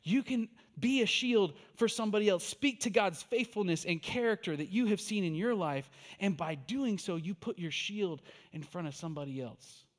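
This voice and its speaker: A man with a notably high voice delivers a sermon like a conversation with his church. He tells a personal story with animated, quoted back-and-forth, then turns to encouraging the listeners. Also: normal speed, hardly any pauses. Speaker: pastor.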